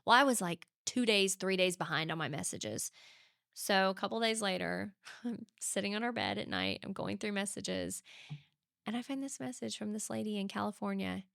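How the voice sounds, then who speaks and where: A woman's voice: mid-range voice, lively intonation, moderate pace, gravelly, a bit bright, no room sound, clean studio sound. A woman guest in an interview, telling stories with animation and acting out the voices of the people in them. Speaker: guest author. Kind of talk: conversational storytelling interview.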